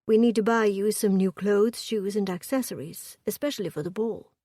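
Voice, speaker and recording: A woman voicing a young viscount who speaks quietly and firmly, in a storybook reading. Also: medium pitch, normal speed, no room sound, clean studio sound, close to an everyday voice. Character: gallant young viscount husband, firm.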